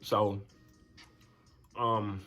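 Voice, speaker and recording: A young man tells a story in a casual storytime vlog, animated and slangy. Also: very slow, soft background music. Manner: animated, swings to high voices for quotes. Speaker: storyteller vlogger.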